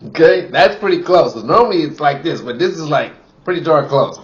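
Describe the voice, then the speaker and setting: A man's voice: on the high side, expressive, brisk, muffled recording. A man giving a casual wine tasting review, chatty and full of "you know" fillers, from Wisconsin.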